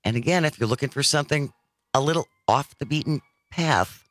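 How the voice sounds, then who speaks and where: A man's voice: medium pitch, brisk, fairly bright tone. A man hosting a talk radio show, chatting casually with his co-host and wrapping up with station promos. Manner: upbeat, wraps up with station promos. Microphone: studio microphone.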